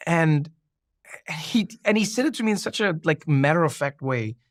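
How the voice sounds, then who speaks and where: Animated male storyteller, dry close sound. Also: on the high side, moderate pace, dry recording. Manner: animated, laughs often, repeats and restarts when excited. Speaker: guest. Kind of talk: storytelling in a conversational interview.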